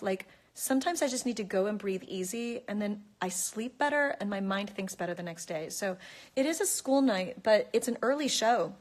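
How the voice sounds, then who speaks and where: A woman chatting casually into her phone, reading out and answering fan questions in a bubbly way. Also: a little high. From United States. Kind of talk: casual chat.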